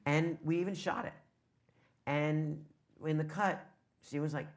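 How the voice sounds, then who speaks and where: A man's voice: on the high side, fairly even intonation, unhurried, pauses often. A man, a television writer on a conference panel, answering questions candidly with anecdotes and casual swearing.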